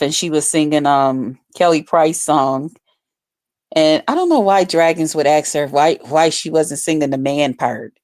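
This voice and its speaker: A woman vlogger giving casual, heavily profane commentary, bursting into loud excited outbursts. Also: low-pitched. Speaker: vlogger reviewing a livestream contest.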